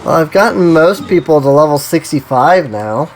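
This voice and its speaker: Speaking at normal speed in an expressive mid-range voice, a game streamer rambles through casual live-stream commentary, saying "like" constantly and coughing from an irritated throat. Game music plays in the background, with slight noise and poor audio.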